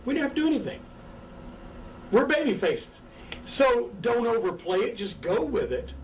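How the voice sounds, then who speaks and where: Brief: older ex-wrestler guest, high and animated, cursing freely, heard from a distant mic with faint room noise. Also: male voice, moderate pace. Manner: profane, animated, acts out crowd and wrestler voices. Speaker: former pro wrestler, guest. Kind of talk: candid interview storytelling. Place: indoors, seated on a couch.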